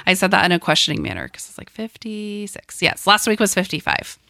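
A woman in her thirties co-hosting a podcast with a lowish voice that is a bit raspy from a cold. She rambles through chatty asides and laughs easily. The voice is close to the mic in a dry room. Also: big pitch swings, fast, sharp tone, no echo. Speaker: podcast co-host. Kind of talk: casual podcast chat.

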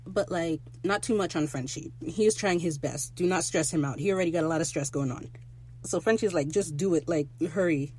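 Recap host: excitable, profane, wandering asides, casual delivery. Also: mid-range voice, a little fast, husky.

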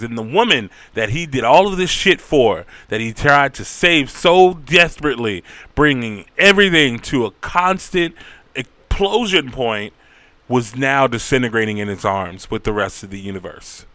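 A man casually recapping a story, rambling, profane and animated. His voice is bright and crisp, and the sound is dry and close. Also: medium pitch, moderate pace, no room sound.

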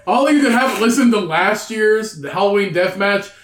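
A man co-hosting a podcast, sarcastic and animated in crude casual banter, often laughing. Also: high-pitched, normal speed, reverberant, very noisy. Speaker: podcast co-host.

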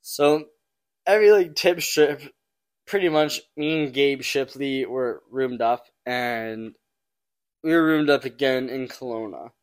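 A man's voice: medium pitch, unhurried. A young man, a podcast guest, telling a story in a casual, rambling way, swearing often, laughing and using lots of fillers. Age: young adult. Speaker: podcast guest, junior hockey player.

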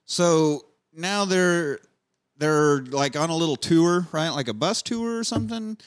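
A man's voice: a little high, expressive, unhurried, clean tone. A man hosting a podcast, casually recapping a film with rambling jokes and swearing. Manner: rambling, joking, profane. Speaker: podcast host reviewing a film.

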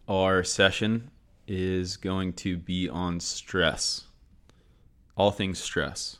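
A man's voice: low-pitched, steady tone, drawn-out words, a bit bright, clear, resonant tone. A man hosting a sport and performance psychology session, upbeat and repeating his key points. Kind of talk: scripted educational talk.

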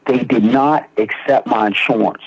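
A young man from Philadelphia recounts his path through recovery with earnest, slangy storytelling and frequent restarts. His voice is husky, and the dry, dull recording sounds lo-fi. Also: mid-range voice, normal speed, dry recording. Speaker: guest in recovery. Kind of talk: personal testimony in conversation.

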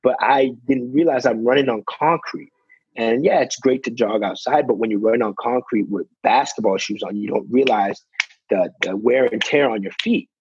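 Young male athlete guest, gravelly and husky, dry close sound, chatty storyteller full of fillers. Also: medium pitch, normal speed, darkish tone, no echo, muffled recording. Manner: fills with "you know", acts out quotes. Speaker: guest, basketball player. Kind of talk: casual interview storytelling.

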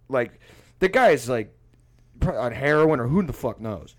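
A man's voice: medium pitch, lively intonation, normal speed. A man who plays music, telling a rambling, profane story in casual chat and laughing often.

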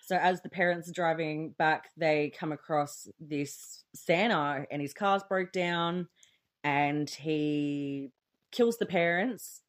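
A woman's voice: deep voice, takes it slowly. Laid-back woman recapping a movie. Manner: laid-back storytelling, reads from notes, frequent laughs. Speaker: podcast co-host. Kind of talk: casual movie recap chat.

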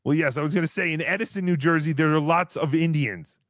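A man's voice: a little high, quick pace, a bit bright, natural voice. A man voicing a brash, boastful comic character who talks about himself in the third person while hosting a livestream. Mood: chatty. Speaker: show host character. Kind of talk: livestream comedy banter.

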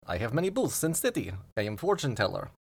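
A man's voice: medium pitch, fast talker, husky, full character voice. A man voicing an animatronic fortune-teller woman who speaks in clipped, broken sentences. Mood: robotic. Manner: flat clipped speech with dropped articles.

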